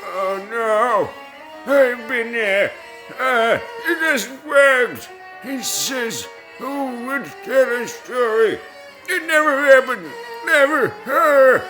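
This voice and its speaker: A man's voice: very high-pitched, lively intonation, drawn-out words, sharp tone, faint music behind, pitched above the performer's own voice, full character voice. A man voicing a doubtful, sarcastic male heckler who scoffs at his own plans. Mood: scoffing. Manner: sarcastic, dismissive.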